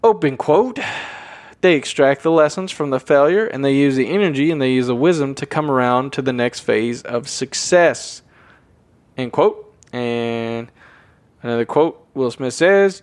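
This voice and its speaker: A man's voice: medium pitch, moderate pace, dry recording. Rambling man with a dry close voice. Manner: rambling, self-deprecating, emphatic. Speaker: podcast host. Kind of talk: unscripted solo talk.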